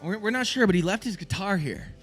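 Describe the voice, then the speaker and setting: A laid-back male shop worker talks in an offhand, easygoing way, as a man puts him on while telling a story. His voice sits high, and the delivery is loose and conversational. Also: wildly swooping pitch, fairly quick, a bit bright, soft background music, full character voice.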